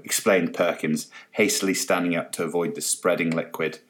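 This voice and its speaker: Man, narrator, storybook reading, expressive, low pitch. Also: normal speed. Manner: expressive, reads with many voices.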